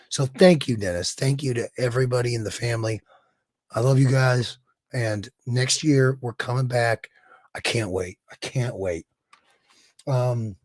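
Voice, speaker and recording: A hoarse man hosting a casual live stream, warmly reading viewers' chat aloud with rambling restarts and quiet mutters. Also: medium pitch, no echo. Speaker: streamer host.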